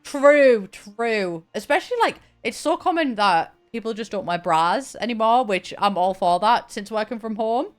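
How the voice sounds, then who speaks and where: A young woman chatting and laughing while she streams a game, talking in halting bursts with frequent restarts. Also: a little high, lively intonation, soft background music. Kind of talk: casual live-stream chat while gaming.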